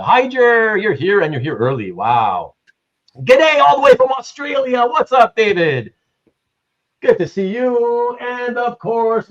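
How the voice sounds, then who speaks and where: Animated male livestream host, lo-fi sound. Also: a little high. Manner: animated, rambling, reads chat aloud. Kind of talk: casual livestream chat, greeting viewers.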